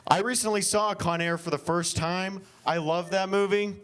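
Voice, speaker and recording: A man's voice: high voice, fairly even intonation, normal speed, a bit bright, clean tone. A young man from Oklahoma doing an improvised stand-up set at a winery comedy show, rambling with lots of fillers and self-deprecating jokes.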